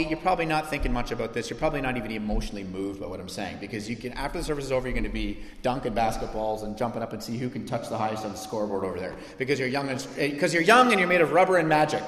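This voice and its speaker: A man preaching a sermon as pastor, animated and conversational, with asides and restarts. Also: medium pitch, racing, hardly any pauses. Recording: echoey hall with long reverb.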